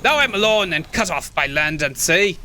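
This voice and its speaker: A man reading out an old hermit's lines from a video game in a high, loud voice with a rough attempt at a Scottish accent. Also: lively intonation, moderate pace, slight background noise, exaggerated voice. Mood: wistful. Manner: reading game dialogue aloud, dramatic. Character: lonely old man, stubborn hermit by the sea.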